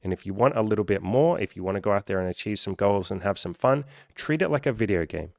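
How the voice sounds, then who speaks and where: A man with a fairly low voice talks straight to the camera as a coach. His delivery is animated and profane, and he slips into quick put-on voices of the people he describes. The sound is dry and close, with no room echo. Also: gravelly. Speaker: self-improvement coach. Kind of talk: casual direct-to-camera vlog.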